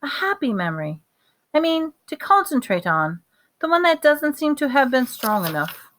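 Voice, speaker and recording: A woman reading aloud, voicing a kind, weary male wizard teacher in a gentle, measured way. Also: sits high, very animated, voice pushed up.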